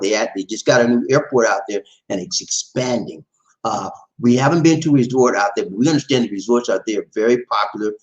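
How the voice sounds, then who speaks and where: A man in middle age chats on a livestream with a voice that leaps up and down in pitch, reading viewers' messages aloud. He laughs easily and keeps the talk loose and friendly. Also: poor audio. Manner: animated, laughs often, greets viewers by name. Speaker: livestream host reading chat. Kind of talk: casual livestream chat.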